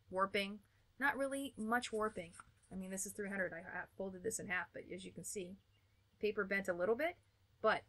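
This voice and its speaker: American woman host, casual product review, crisp bright tone, chatty and upbeat. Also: mid-range voice. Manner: chatty and upbeat, with small laughs and restarts. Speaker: art channel host.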